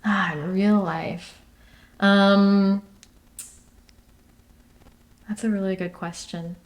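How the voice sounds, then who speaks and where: Speaking as a guest in a relaxed interview, a young woman with a mid-range voice holds a steady tone and draws out her words. She comes across as thoughtful, laughing readily while frequently using fillers and starting over.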